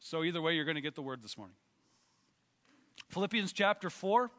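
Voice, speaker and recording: A man's voice: fairly high pitch, animated, a little fast, bright, forceful tone, big-room sound. A man preaching a sermon as pastor, slightly out of breath, emphatic and rising as he reads scripture aloud in a church. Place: church sanctuary.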